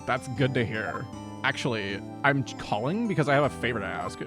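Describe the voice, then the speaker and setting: A woman voicing a composed older sister who is a lawyer, speaking gently with dry teasing. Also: a bass voice, lively intonation, brisk, over music. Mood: calm.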